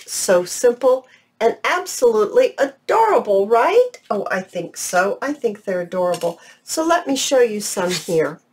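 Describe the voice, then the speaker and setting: Crafty lady doing a tutorial vlog, unhurried and chatty, oohing over everything. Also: mid-range voice, darkish tone. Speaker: crafting channel host.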